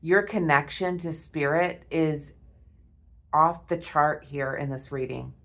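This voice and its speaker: A woman giving a spiritual tarot reading to her viewers, awed and emotional, repeating herself and often breaking off with a soft "wow.". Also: low voice, takes it slowly. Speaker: tarot reader.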